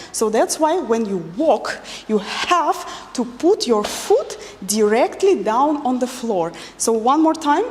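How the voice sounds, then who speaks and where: Dance teacher lady, high voice, slow and patient, counts out loud, echoey hall. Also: slight background noise. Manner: patient, counts beats aloud while demonstrating. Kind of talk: instructional dance lesson.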